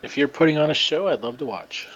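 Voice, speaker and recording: Casting: male player, lively pitch, faint background hum. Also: fast talker, dull audio. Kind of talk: casual tabletop game chat.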